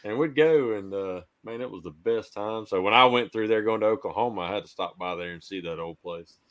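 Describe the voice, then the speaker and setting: A man with a Southern US accent and a fairly low voice, co-hosting a laid-back podcast. He spins jokey anecdotes in a drawling, easygoing way. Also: fairly quick. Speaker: co-host. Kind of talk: casual podcast chat.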